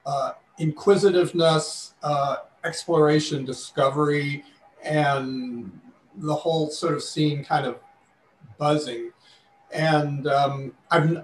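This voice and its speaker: A man asking a question in a live online class, hesitant and searching for words, on a video call. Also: fairly high pitch. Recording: roomy distant mic with faint noise.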